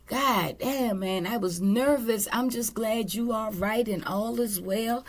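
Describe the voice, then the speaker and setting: A woman's voice: medium pitch, fairly even intonation, unhurried, a little mellow, close to an everyday voice. A woman doing a gushing old female friend. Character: relieved old female acquaintance on phone.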